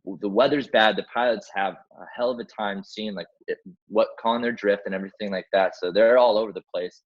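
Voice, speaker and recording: Low-voiced man telling a rescue story. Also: brisk, lo-fi sound. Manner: animated, acts out quoted dialogue, many fillers like "like" and "man". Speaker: guest, helicopter rescue swimmer. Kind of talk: casual storytelling in an interview.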